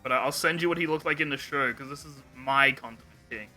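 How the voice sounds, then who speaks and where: Young guy hosting a podcast, super bright sharp voice, joking and swearing a lot. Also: medium pitch, fast, faint music behind. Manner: animated joking retelling with swearing and laughs. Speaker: podcast host. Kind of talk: casual podcast chat.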